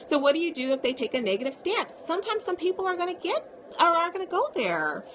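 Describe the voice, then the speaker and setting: A woman's voice: very high voice, big pitch swings, quick pace, a bit bright, a little hiss or hum. A woman psychiatrist talking casually to viewers on a live stream, reassuring and often checking in with "okay?".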